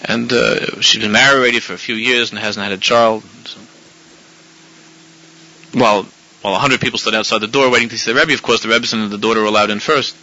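A man, a rabbi, giving a sermon full of animated storytelling with frequent restarts, in a dull lo-fi recording. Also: on the low side, fast.

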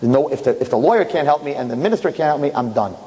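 A man's voice: medium pitch, expressive, fast talker, mellow, natural voice. A man voicing a jailed father who pleads anxiously for help. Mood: desperate. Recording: echoey hall.

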